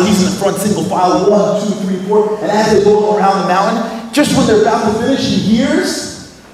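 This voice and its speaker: A man telling a story in a speech, animated and acting out the dialogue. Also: on the high side, slight background noise. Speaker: speaker. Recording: echoey hall from far off.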